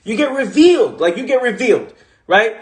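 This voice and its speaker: A man's voice: extremely high pitch, very animated, brisk, echoey room. A man, giving a livestreamed motivational monologue in an emphatic, repetitive, slangy way. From the Bronx, New York. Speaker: motivational coach. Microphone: phone livestream.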